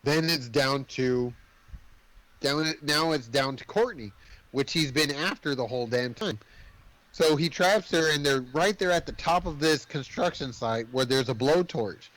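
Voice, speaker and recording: A man with a slightly high voice, talking fast and loose as he recaps a movie on a podcast, swearing freely. The sound is dry and close, with no room in it. He keeps the story rolling with run-on energy. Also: no room sound, rough recording. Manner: animated, profane storytelling. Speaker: podcast co-host. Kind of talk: casual movie recap chat.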